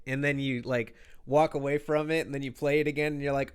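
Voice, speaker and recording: A man's voice: mid-range voice, little pitch movement, fast, hardly any pauses, clear, resonant tone. A man hosting a podcast in casual interview chat, laid-back, slangy and profane. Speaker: podcast host.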